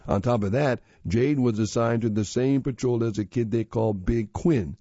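A man narrating a children's story in a steady, expressive reading voice. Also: medium pitch, normal speed, no room sound. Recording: slightly dull lo-fi audio.

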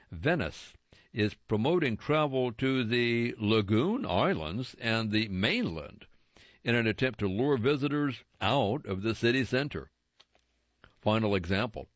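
Male reader, measured, on-air magazine reading, muffled lo-fi and dry. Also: medium pitch, no room sound. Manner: measured, deliberate reading with slowed emphasis on key words. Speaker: radio reader of magazine articles. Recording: dull lo-fi dry broadcast sound.

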